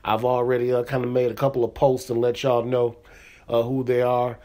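A man's voice: mid-range voice, level tone, fairly quick, warm tone. A middle-aged man hosting his own comedy podcast, talking loosely and casually with lots of "you know what I'm saying" fillers. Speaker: podcast host. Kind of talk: casual solo podcast monologue.

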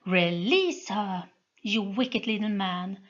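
A cold, commanding young noblewoman with witch powers, played by a woman reading a storybook, delivering her threats slowly and haughtily. The voice sits in a middling pitch and moves at an unhurried pace. The recording is dull and lo-fi. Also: natural voice. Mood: cold, scornful. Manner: icy, slow and haughty.

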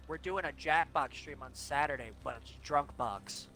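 Twenties guy, slightly high voice, casual cursing game banter. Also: moderate pace, music in the background. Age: 20s. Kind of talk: casual gaming chat.

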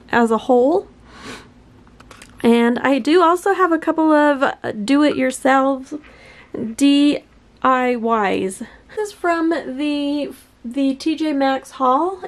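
A woman filming a casual room-tour vlog at home, chatty and rambling with lots of fillers. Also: high voice. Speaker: home decor vlogger. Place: bedroom at home.

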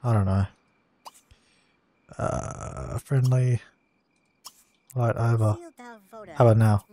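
A young man does a let's play of a life-sim game, commenting casually as he plays, chatty, easily exasperated and laughing at its mishaps. His medium-pitched voice is slow and dark-toned, with fairly even intonation.

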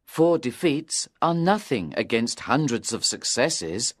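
A man's voice: medium pitch, sing-song, slow, dry recording, clean studio sound. A man voicing a nervous young man in his twenties in storybook dialogue for English learners, earnest and pleading. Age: 20s. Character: nervous, pale young man seeking help.

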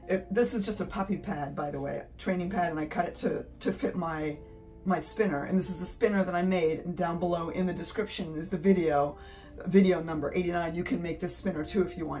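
A woman's voice: lowish voice, steady tone, fairly quick, warm tone, distant mic, faint music behind. A woman hosting her art channel, chatting casually and giddily from her home studio while she paints, laughing often.

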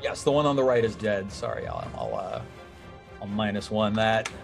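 Lively game master man. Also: lowish voice, moderate pace, creaky, faint music behind. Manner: animated, upbeat cheering. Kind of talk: running a tabletop game online.

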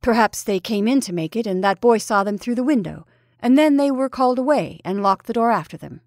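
A woman's voice: on the high side, animated, a little fast, darkish tone, dry recording, clean studio sound. A woman voicing a fussy, fair-minded male professor who talks in a prim, slightly defensive way. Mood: reasoning.

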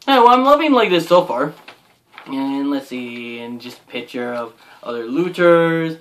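A young man excitedly gushing as he unboxes a subscription crate, full of "oh my gosh" and filler words. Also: mid-range voice, measured pace. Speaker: unboxing vlogger. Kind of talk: casual unboxing commentary.

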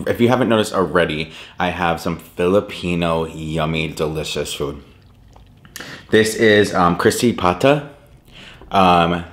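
A young man from the United States, chatting bubbly and casual in a food vlog, with lots of "um" and "like". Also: low voice. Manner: bubbly, chatty, many fillers. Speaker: food vlogger.

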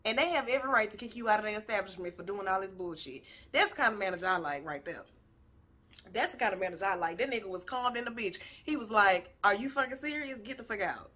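A woman hosting a reaction vlog, talking in animated, profane, slangy casual commentary with laughing asides. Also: mid-range voice, fast. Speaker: vlog host reacting to videos.

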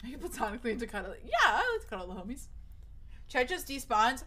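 A young woman talks quickly in a sing-song, highish voice, with background noise behind her, while chatting with her live viewers. Nervous and rambling, she restarts often, swears, and her voice cracks.

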